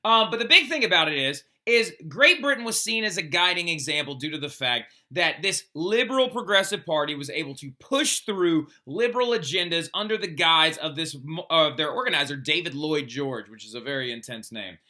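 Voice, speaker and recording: A man's voice: on the high side, expressive, a little fast, hardly any pauses, bright, forceful tone. A man teaching a history lesson in a casual, chatty way, often asking "right?" and filling with "like". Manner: chatty, frequent "like" and "right?" tag questions. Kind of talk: casual recorded classroom lecture.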